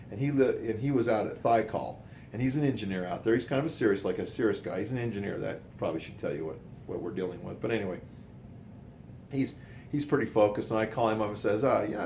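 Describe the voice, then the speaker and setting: Low-voiced older man telling stories. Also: a little mellow, a little hiss or hum. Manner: rambling, repeats words, chuckling asides. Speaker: storyteller. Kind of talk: casual personal storytelling.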